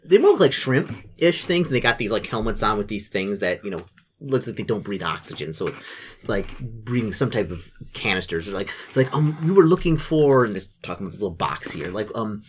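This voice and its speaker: A man's voice: lowish voice, fairly quick, a little hiss or hum. A man narrating a tabletop game as game master, rambling, with many fillers. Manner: rambling, filler-heavy, animated storytelling.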